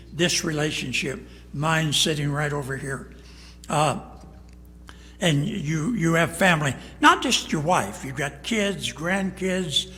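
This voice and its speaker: A high-pitched older male pastor delivers a storytelling sermon in a plain, folksy way, slipping into the voices of the people in his stories. His words ring out with a long reverb from the church sanctuary around him. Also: a bit bright. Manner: folksy, plain-spoken, acts out dialogue in stories.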